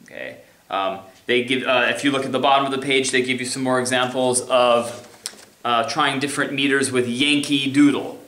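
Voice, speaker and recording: With a bright, forceful medium-pitched voice and fairly even intonation, a man gives a recorded remote lecture on music theory at a moderate pace. He keeps it casual, demonstrating rhythms by singing and scatting, and the room echoes.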